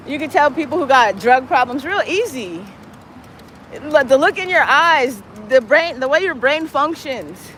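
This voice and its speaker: Walking through the city, a high-voiced woman streams live, her tone fairly bright. Her talk wanders and turns crude, and she slips into baby talk with her cat. Slight background noise marks the low-quality recording.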